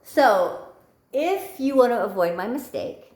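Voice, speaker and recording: A woman's voice: fairly high pitch, animated, measured pace, darkish tone. A woman sex coach telling a story casually to camera, chatty with many fillers and repeated words. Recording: echoey room.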